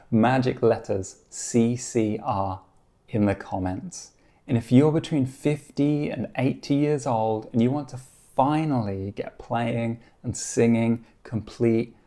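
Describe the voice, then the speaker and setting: Gravelly, mellow-voiced male guitar teacher. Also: mid-range voice. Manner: calm, encouraging explaining with counted beats and sung snippets. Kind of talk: online guitar lesson.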